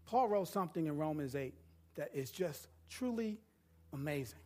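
A man preaching a sermon, rising from quiet talk to shouting and asking the congregation to call back answers. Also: a little high, animated, moderate pace. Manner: builds from quiet to shouting, call-and-response questions. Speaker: pastor.

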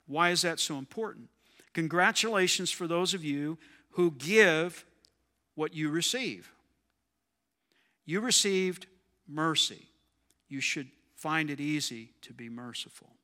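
A man's voice: on the high side, slow pace, long pauses, sharp tone, long reverb tail. A man preaching a sermon in a conversational way, often asking his listeners questions. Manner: conversational, asks the audience questions.

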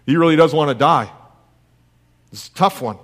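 A man's voice: fairly high pitch, moderate pace, fairly bright tone. A man preaching a sermon in an earnest way, asking his listeners rhetorical questions. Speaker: pastor.

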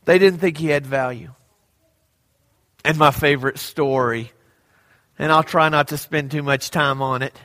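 A man's voice: extremely high pitch, pushed and bright. A man preaching a sermon, telling stories with drama and acting out the quoted lines. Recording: echoey hall.

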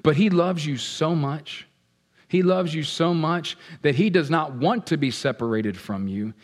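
A man preaching a sermon as pastor, animated and playful, swinging between loud outbursts and hushed asides. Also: fairly high pitch, unhurried. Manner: playful, acts out what people feel.

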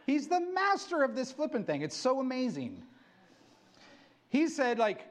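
A middle-aged male pastor giving an excitable sermon, acting out quotes as he preaches. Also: very high-pitched, normal speed.

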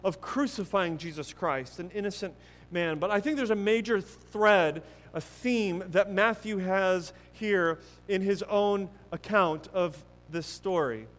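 High-voiced man preaching in a hall. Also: measured pace. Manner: earnest, emphatic preaching with many restarts, swinging from loud to hushed. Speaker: pastor. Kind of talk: sermon.

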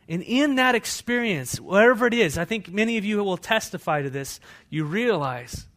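In a church, a high-voiced male pastor preaches a sermon, moving between hushed, intimate passages and loud, fervent scripture readings.

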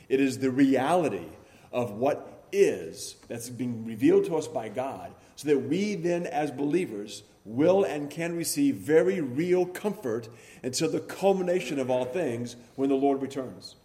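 A male pastor delivers a sermon in a measured, teaching way, leaning on key words now and then. His voice is dark and mellow, at an ordinary pitch for a man. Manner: measured teaching delivery with occasional fillers and emphatic stresses. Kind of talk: expository sermon.

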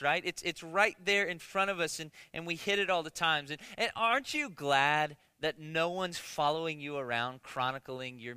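A man's voice: on the high side, bright, forceful tone, clean tone, no room sound. A man preaching a conversational sermon as pastor, joking with the congregation, stumbling into restarts and often asking "right?". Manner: conversational, jokey, many restarts and rhetorical "right?".

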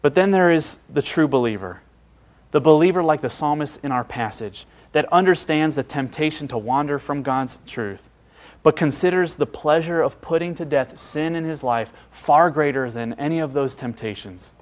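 A man preaching a sermon, earnest and emphatic, with dramatic pauses and hushed drops. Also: a little high.

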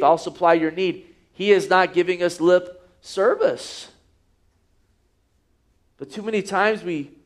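A man with a high voice preaching a sermon. He reads scripture aloud and keeps asking his listeners rhetorical questions. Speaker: pastor.

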